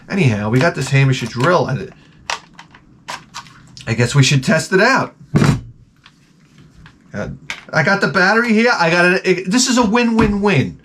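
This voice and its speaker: A middle-aged man telling stories in a casual vlog, profane and animated, ranting and acting out his own exasperated reactions. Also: sits high, moderate pace, long pauses. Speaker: vlogger showing garage sale finds.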